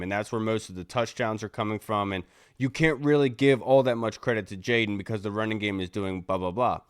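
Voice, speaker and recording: A man with a fairly low voice talks through a sports podcast in a relaxed, casual way. He reads listener questions aloud and then gives his opinion. The sound is dry and close, with little room around it. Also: clean tone, no room sound. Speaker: podcast co-host.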